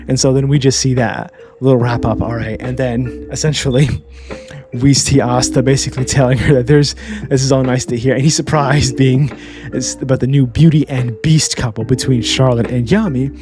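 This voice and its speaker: A man's voice: medium pitch, fairly even intonation, normal speed. Chatty man recapping an anime. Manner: chatty, uses "all right?" as a tag, acts out quotes. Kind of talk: casual recap commentary. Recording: clear background music.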